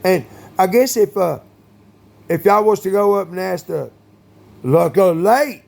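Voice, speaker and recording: A man talking in a rambling monologue, full of fillers, with sudden loud bursts. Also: high-pitched, expressive, moderate pace, vocal fry.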